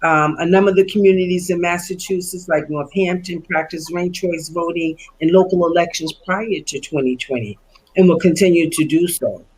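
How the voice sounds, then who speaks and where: A woman speaking on a panel, explaining voting policy in an earnest, steady way with occasional fillers. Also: fairly low pitch, moderate pace, a little hiss or hum, low-quality recording. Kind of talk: panel discussion remarks.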